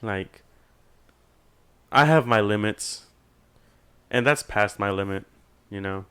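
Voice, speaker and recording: A young man telling a long, animated story in casual podcast chat, swearing freely and acting out other people's voices. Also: fairly low pitch, slow, clean tone. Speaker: podcast guest.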